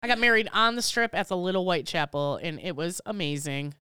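Blunt, very smooth-voiced woman co-host. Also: fairly low pitch, expressive, a little fast, pushed and bright, no echo, clean studio sound. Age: adult, married. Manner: blunt, laughing, swears casually. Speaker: podcast co-host. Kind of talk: casual chat.

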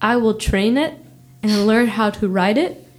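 A woman's voice: mid-range voice, measured pace. A woman co-hosting a library podcast, chatting playfully and often laughing. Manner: playful, giggly. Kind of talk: casual chat.

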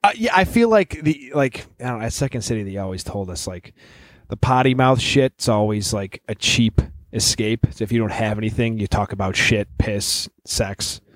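A man's voice: lowish voice, animated, normal speed, few pauses, dry recording, clean studio sound. A man from the Chicago area, chatting casually as a podcast co-host, rambling and joking with lots of fillers. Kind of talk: casual chat.

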